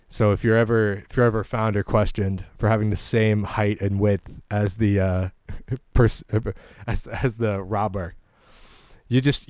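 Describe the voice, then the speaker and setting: A man's voice: lowish voice, a little mellow, no room sound, studio quality. A young man hosting a comedy podcast, talking casually in a meandering way and chuckling at his own jokes. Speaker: podcast host. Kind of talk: rambling comedy podcast monologue.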